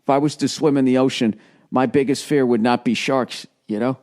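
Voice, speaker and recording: A man's voice: mid-range voice, steady tone, fairly quick, a little mellow. Profane ranting middle-aged man. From United States. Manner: profane, ranting, acts out quoted voices. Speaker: podcast host. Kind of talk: rambling comedic monologue.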